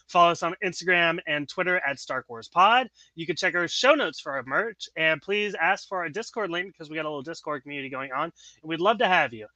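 A man hosting a casual podcast, joking around and laughing between quick asides. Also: fairly high pitch, bright, forceful tone, no echo. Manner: laughing, quick asides, self-mocking jokes. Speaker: podcast host. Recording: dull lo-fi audio.

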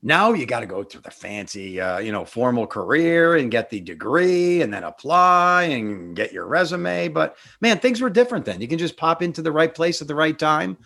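A man's voice: a little high, lively intonation, normal speed, vocal fry, few pauses, pushed and bright. A man with a Northeast Pennsylvania accent hosting a casual interview, chatty and joking with opinionated asides. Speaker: podcast host.

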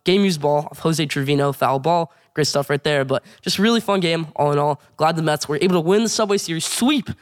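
A man hosting a casual sports show, recapping games and news with excited, rapid play-by-play. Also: on the high side, smooth.

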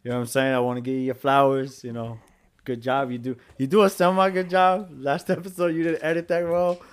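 A young man co-hosting a podcast in loose, slangy banter. He laughs often and teases his friends, his voice sitting at an everyday middle pitch. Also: level tone, fairly quick, clear, resonant tone. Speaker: podcast co-host. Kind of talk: casual chat.

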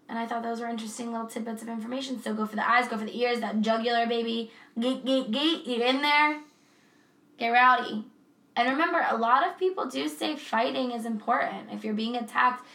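A woman's voice: fairly high pitch, gravelly, a bit bright, echoey room. A woman hosting a podcast in casual, effusive chat, laughing easily. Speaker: podcast host.

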